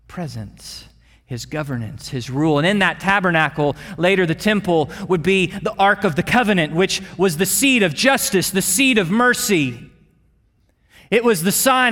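A pastor delivering an earnest sermon, repeating words and dropping to a hush for emphasis. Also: male voice, sits high, long reverb tail. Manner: earnest, with repeated words and dramatic drops in volume.

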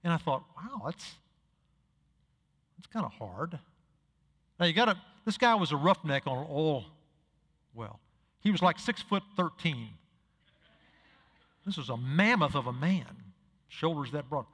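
A man's voice: fairly high pitch, lively intonation, normal speed, pauses often, fairly bright tone, long reverb tail. A male pastor preaching a sermon, telling stories and acting out the dialogue, building to emphatic peaks. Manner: storytelling, acts out dialogue, rises to emphatic peaks.

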